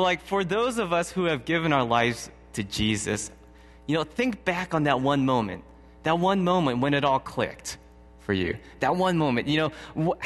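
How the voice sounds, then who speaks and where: Animated man preaching in a reverberant hall. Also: on the high side. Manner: conversational, chuckles often, restarts sentences. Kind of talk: sermon with personal anecdotes.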